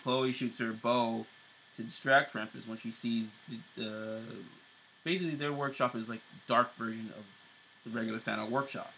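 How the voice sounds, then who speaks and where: A man casually walks through the plot of two TV episodes, full of "uh" and "basically." His voice is bright and forceful at an everyday pitch. A faint hiss sits under the recording. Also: fairly even intonation, moderate pace, rough recording. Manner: recaps plot loosely, many fillers and restarts. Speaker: show co-host.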